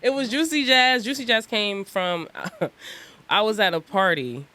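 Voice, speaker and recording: A woman's voice: mid-range voice, measured pace. A woman in her twenties, a rapper, telling stories in a casual, slangy interview chat. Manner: animated storyteller, slangy, often says "like" and "right". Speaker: guest rapper.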